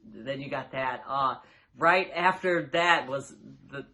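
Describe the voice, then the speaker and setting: A man's voice: mid-range voice, takes it slowly, sharp tone. A man giving a casual, rambling reaction to a wrestling show, full of fillers and restarts, often laughing as he talks. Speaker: vlogger reviewing a wrestling show.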